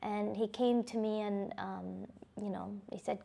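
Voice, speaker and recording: A woman's voice: mid-range voice, steady tone, unhurried, creaky, hardly any pauses, dark tone. A woman giving a personal testimony, speaking in a reflective, hesitant way with frequent restarts and "you know.". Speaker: survivor sharing her personal story.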